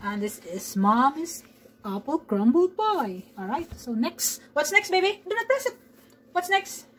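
A woman's voice: high-pitched, big pitch swings, a little slow, a little hiss or hum, low-quality recording. A woman talking her daughter through baking pies in a home kitchen, chatty and coaxing. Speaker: home cook and mother. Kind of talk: casual cooking vlog.

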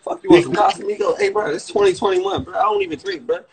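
A man's voice: high voice, fast, vocal fry, a loud crowd, poor audio. A young man with a Washington DC area accent, talking on a livestream, brash and profane, mocking a guest. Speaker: livestream host. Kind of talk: casual livestream chat, roasting a guest.

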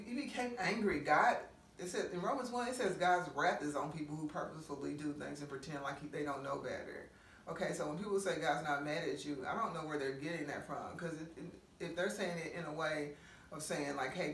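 A woman pastor giving a conversational sermon, full of rhetorical questions and quick asides. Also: deep voice. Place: church meeting room. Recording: roomy echo from a distant mic, faint noise.

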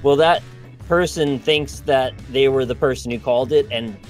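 A man's voice: mid-range voice, normal speed, faint music behind. A man chatting dryly with friends on a game stream, telling a short story. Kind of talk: casual banter while playing a party game.

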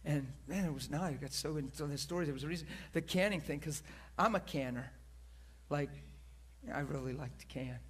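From the church pulpit, a man tells a sermon story in a high-leaning, brisk voice with a breathy edge. He's animated and laughs as he goes, acting out quoted voices, poking fun at himself and rambling.

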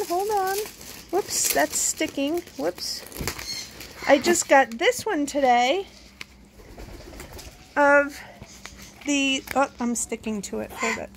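A woman's voice: fairly bright tone, slight background noise. A woman vlogging from home, chatting casually to camera and cooing at her pets. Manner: chatty, coos at her pets in a high baby voice. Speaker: pet vlogger.

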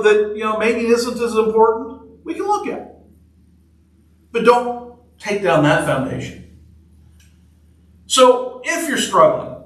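High-voiced preacher, echoey church. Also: male voice, fairly bright tone. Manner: conversational, joking, repeats phrases. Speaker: pastor. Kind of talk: sermon. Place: church sanctuary. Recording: echoey church hall from far off.

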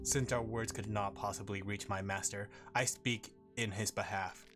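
A man voicing a cryptic male servant of a moon god in a deliberately monotone voice, reading game dialogue aloud. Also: lowish voice, faint music behind, pitched below the performer's own voice, lightly acted. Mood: solemn. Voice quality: monotone, flat delivery.

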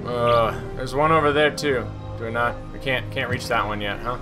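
A man's voice: medium pitch, moderate pace, hardly any pauses, bright, forceful tone, faint music behind. A man giving casual gameplay commentary, exasperated and swearing as he rants at the game. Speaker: gaming streamer.

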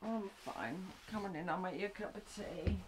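An older woman playing an anxious, elderly mother in debt, speaking softly and pleadingly. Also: mid-range voice, moderate pace, very noisy, natural voice. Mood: evasive, pleading. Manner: soft, fretful and pleading. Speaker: actress in a student short film. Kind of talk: low-budget film acting.

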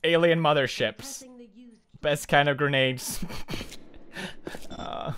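A man giving excitable let's play commentary over a video game, laughing a lot and breaking into shouts. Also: a little high, slow, smooth. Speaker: gaming commentator.

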